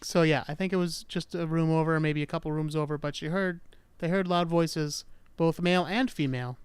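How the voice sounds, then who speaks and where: A man's voice: a little high, fairly even intonation, a little fast, clear, resonant tone, no room sound. A man hosting a podcast, casually telling a true-crime story in a chatty, self-mocking way. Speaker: podcast host.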